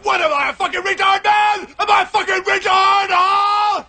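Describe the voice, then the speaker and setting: A man's voice: very high-pitched, fairly even intonation, normal speed, full character voice. An actor playing an unhinged, paranoid man who screams insults in rage, in a clip played from a movie. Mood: raging. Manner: yelling insults, cracking, frantic.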